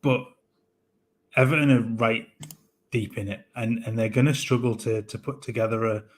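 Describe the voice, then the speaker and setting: A man co-hosting a football fan show, giving measured analysis of players with frequent hesitant restarts. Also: mid-range voice, fairly even intonation.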